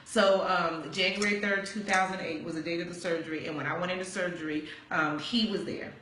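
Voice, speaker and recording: A woman's voice: fairly low pitch, brisk. A woman in her forties, a pastor, telling her personal testimony in conversation and acting out the dialogue as she goes. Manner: animated storyteller acting out quoted dialogue. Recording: roomy echo.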